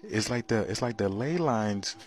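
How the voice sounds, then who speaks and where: A man vlogging casually to viewers, excited and drawing out his words. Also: on the low side, a little hiss or hum. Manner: excited, drawn-out speech. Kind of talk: casual vlog talk.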